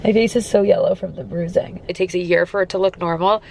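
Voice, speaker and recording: A woman's voice: fairly low pitch, steady tone, quick pace, creaky, a little mellow. A young woman in her twenties, congested and talking strangely, chatting casually in a recovery vlog with lots of "like". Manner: chatty, lots of "like", dips into whispers. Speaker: vlogger.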